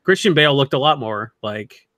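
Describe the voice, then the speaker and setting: A man co-hosting a podcast, chatting about films in an opinionated, quick way and mocking other people's voices. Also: mid-range voice, expressive, a bit bright, no echo, clean studio sound. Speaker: podcast co-host. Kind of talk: casual film discussion.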